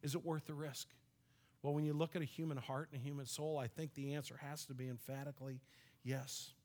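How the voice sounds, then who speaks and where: Man preaching, casual storytelling sermon, slightly higher voice. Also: level tone, brisk, darkish tone. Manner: conversational, storytelling, with light laughs and restarts. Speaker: pastor.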